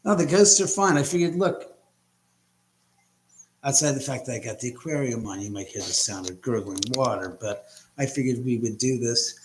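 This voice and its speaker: This livestream host has a mid-range, expressive voice and talks at a moderate pace, with a little background noise behind him. He's at home on a laptop mic, chatting loosely and calling out viewers by name.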